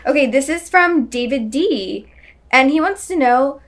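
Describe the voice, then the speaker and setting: A woman's voice: sits high, lively intonation, unhurried. A woman co-hosting a podcast, reacting briefly and reading out listener questions. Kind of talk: casual chat.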